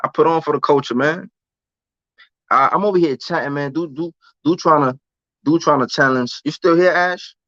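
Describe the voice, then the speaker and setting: A young American man rants casually on a live stream, repeating himself in loose street slang. His voice sits fairly high with a fairly bright tone, moving at a normal speed. The recording is dull, lo-fi and dry, with no echo.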